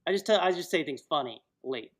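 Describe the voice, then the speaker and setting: A man's voice: a little high, expressive, brisk. A man hosting a casual live-stream chat, joking and rambling, laughing often. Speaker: host.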